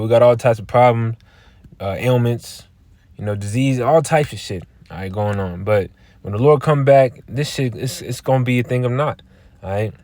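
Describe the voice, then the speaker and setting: A man giving informal scripture teaching in a blunt, halting way. He repeats words and keeps asking "all right?". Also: fairly low pitch, a little mellow, no room sound. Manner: blunt, profane. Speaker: religious teacher.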